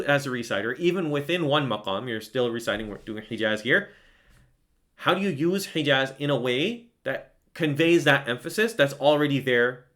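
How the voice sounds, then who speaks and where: A slightly bright, medium-pitched male voice leads an online Quran recitation class. His explanations are casual and enthusiastic, punctuated by frequent "right?" check-ins and bursts of melodic chanting for demonstration.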